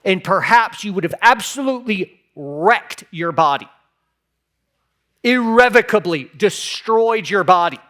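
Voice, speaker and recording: A man's voice: high voice, lively intonation, unhurried, sharp tone. A man preaching a sermon as pastor, impassioned, sometimes acting out imagined replies in a raised voice.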